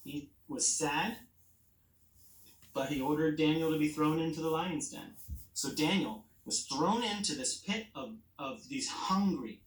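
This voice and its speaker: Lively woman telling a bedtime story. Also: deep voice, reverberant, low-quality recording. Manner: playful, asks children questions, acts out characters. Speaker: storyteller to children. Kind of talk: animated bedtime Bible story.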